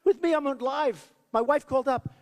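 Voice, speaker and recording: A man's voice: extremely high pitch, normal speed. A man giving a rambling, boastful campaign rally speech, repeating himself and acting out the voices of people he quotes. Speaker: presidential candidate. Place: school hall at a rally. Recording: long hall reverb.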